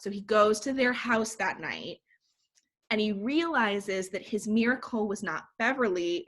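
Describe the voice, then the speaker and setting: A woman in casual conversation, animatedly retelling a film plot full of "like" fillers. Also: mid-range voice. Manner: animated storytelling, recapping a movie with filler "like". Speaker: podcast co-host. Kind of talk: casual chat.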